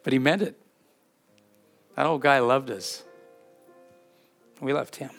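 A man preaches as a pastor, fervent and earnest, and slows down to read scripture aloud. His voice sits at an ordinary middle pitch. Soft music plays faintly behind him. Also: vocal fry. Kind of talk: sermon with closing prayer and benediction.

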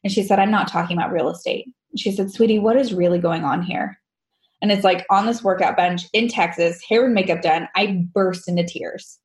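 Woman, guest, candid personal storytelling, animated, acts out dialogue. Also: mid-range voice, a little fast. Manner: animated, laughs often, acts out quoted dialogue.

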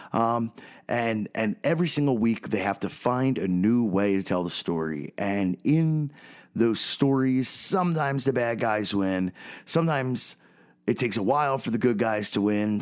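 A man with a Philadelphia accent hosts a podcast in a chatty, casual way, constantly checking in with "right?" and "okay?" His voice is medium in pitch with a darkish tone.

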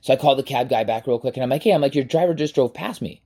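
A man in his forties, a podcast host, telling a personal story in a casual, animated way and swearing freely. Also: mid-range voice, quick pace, husky. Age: 40s.

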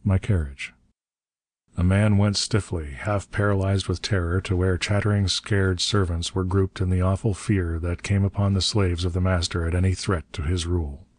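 Reading an adventure audiobook, a very deep-voiced male narrator keeps a steady, measured delivery. The audio is closely miked and dry, free of any echo or room ambience.

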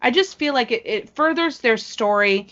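A woman's voice: a little high, expressive, normal speed, a bit bright. A woman co-hosting a wrestling podcast, chatting casually and gushing with enthusiasm. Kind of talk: casual chat. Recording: muffled lo-fi sound.

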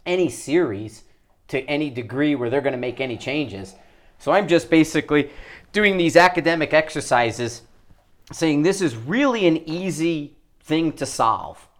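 A man co-hosting a podcast, chatting casually with quick quips and long run-on explanations. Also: a little high. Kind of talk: casual chat.

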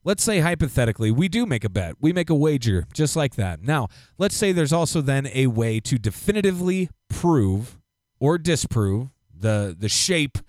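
A man co-hosting a podcast, ranting in a casual, profane, animated way. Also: medium pitch, normal speed, no echo, clean studio sound. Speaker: podcast co-host. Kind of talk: casual chat.

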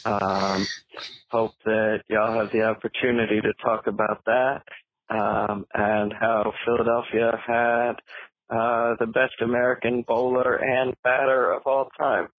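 A man leaves a short, polite voicemail for the show, pausing on little ums between his points. His voice comes through a thin, phone-like line. The sound is dry and close, with no room around it. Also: mid-range voice, flat delivery, no echo. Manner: polite, brief, hesitant with ums. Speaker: voicemail caller.

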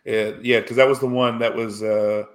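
A man co-hosts a podcast and chats casually about a film, his speech full of fillers and restarts. His mid-range voice keeps a level tone at a normal speed.

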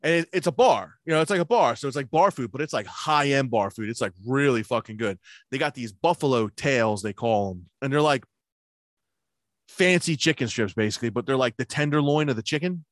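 A man's voice: mid-range voice, animated, fairly quick, no room sound, clean studio sound. Profane rambling man telling stories. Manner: profane, rambling, laughs through his stories; acts out both sides of remembered conversations. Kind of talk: casual chat, storytelling.

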